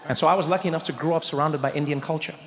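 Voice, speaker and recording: Stand-up comic, animated storyteller, fairly high voice, long hall reverb. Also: male voice, very fast, a faint crowd, slight background noise. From South Africa. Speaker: stand-up comedian. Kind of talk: stand-up comedy set. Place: stage in a large venue.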